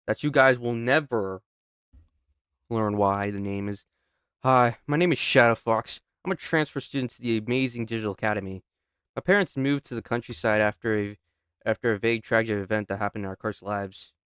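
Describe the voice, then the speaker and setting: A man's voice: fairly low pitch, brisk, fairly bright tone, smooth, dry recording, studio quality. A young man casually reading a game's text aloud while playing, often stopping to restart and break into joking asides. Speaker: gamer.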